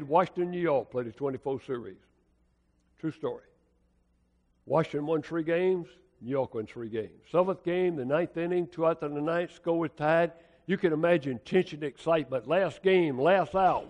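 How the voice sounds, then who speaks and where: A fairly high-voiced American preacher man tells sermon stories in a folksy, dramatic way, swinging from hushed lines to loud ones. His voice carries a long hall reverb, as if from a church sanctuary. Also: normal speed, highs cut off. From United States. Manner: folksy, colloquial, dramatic storytelling with swings in loudness. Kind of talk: storytelling sermon.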